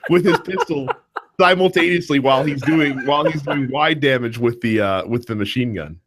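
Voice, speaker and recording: A man co-hosting a podcast, chatting casually about a film, animated and laughing, full of fillers and restarts. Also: medium pitch, moderate pace, background noise. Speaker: podcast co-host. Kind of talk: casual movie discussion.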